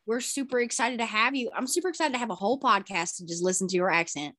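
A woman's voice: a little high, fast, bright, forceful tone, no room sound. A woman with an American Southern accent hosting a casual podcast interview, chatty and gushing, often stumbling over words. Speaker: podcast host.

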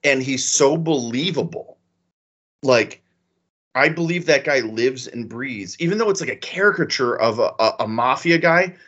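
A man co-hosting a podcast in casual chat, animated, swearing and acting out quotes as he tells stories. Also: mid-range voice, normal speed, husky, lo-fi sound. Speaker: podcast co-host.

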